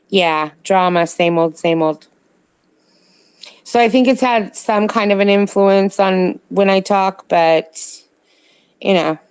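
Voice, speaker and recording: Her voice is on the low side with a clean tone, recorded dry. She's a woman with a slight New Jersey accent co-hosting a casual late-night live chat from home in California at night, rambling chattily and answering viewer comments.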